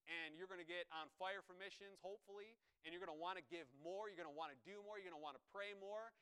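Bright-voiced animated male preacher. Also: fast talker, clean tone, rough recording. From New York, USA. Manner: animated, acts out quotes with rising pitch and volume. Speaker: visiting preacher. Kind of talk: sermon.

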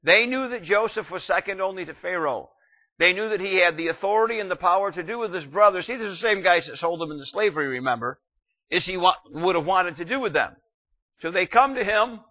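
Male pastor, sermon delivery, earnest and direct, somewhat high voice. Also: highs cut off. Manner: earnest, addresses the congregation directly with questions.

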